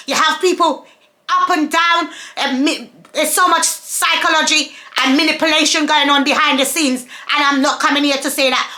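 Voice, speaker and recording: Emphatic woman ranting to camera, bright voice. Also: sits high, moderate pace. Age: adult, mother of several children. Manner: repetitive, emphatic, ranting with rhetorical questions. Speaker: vlogger. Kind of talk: casual monologue to camera.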